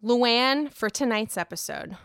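A woman's voice: fairly high pitch, lively intonation, a little slow, vocal fry, a bit bright, clean tone, no echo, studio quality. A young woman giving casual, opinionated commentary on a reality show, candid and frustrated, swearing often and asking herself rhetorical questions.

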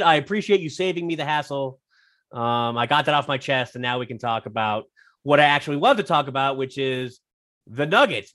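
A man talking as a guest on a sports podcast, wry and teasing, quick to joke. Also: a little high, fairly bright tone. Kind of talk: casual sports podcast chat.

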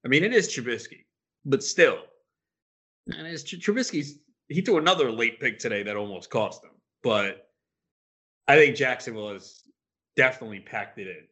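A man co-hosting a casual sports talk show, frustrated and animated, retelling his conversations with friends. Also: mid-range voice, moderate pace. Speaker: sports podcast co-host.

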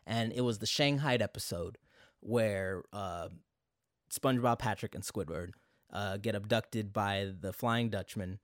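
A man's voice: lowish voice, a little slow. Young man reminiscing casually. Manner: conversational, many fillers and asides. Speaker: vlogger. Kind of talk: nostalgic casual monologue.

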